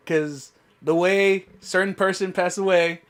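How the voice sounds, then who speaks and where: A man's voice: sits high, fairly even intonation, a little slow. A man co-hosting a casual podcast, earnestly telling a personal story and repeating "I was like". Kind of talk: casual profane chat among friends.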